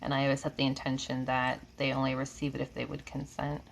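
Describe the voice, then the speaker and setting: Talking quickly in a monotone, this woman has a very deep voice with vocal fry. She's a reiki healer in her thirties from New York, with a slight Southern drawl, casually chatting on a live stream where she reads comments, replies, and laughs a lot. There's slight background noise from her air-conditioned room at home.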